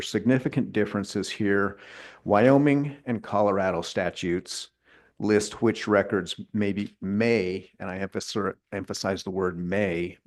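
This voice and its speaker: Low-voiced man giving formal committee testimony. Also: creaky. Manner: measured and deliberate, stresses key words. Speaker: agency official presenting an analysis to a legislative committee. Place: legislative committee hearing room.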